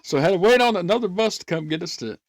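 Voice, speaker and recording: A podcast host tells stories in casual conversation, doing animated character voices and laughing often. His voice is high and very fast, and there's a slight hiss or hum on the recording.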